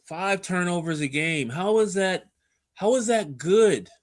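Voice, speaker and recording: A man co-hosting a sports podcast, arguing his points in an exasperated, lively way and laughing easily. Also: high-pitched, a little slow. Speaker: podcast co-host. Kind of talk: casual sports talk.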